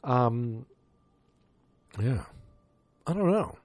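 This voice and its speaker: A man's voice: medium pitch, animated, drawn-out words, darkish tone, dry recording. A man hosting a casual movie review podcast, talking in a loose, rambling way with lots of fillers and restarts. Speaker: podcast host.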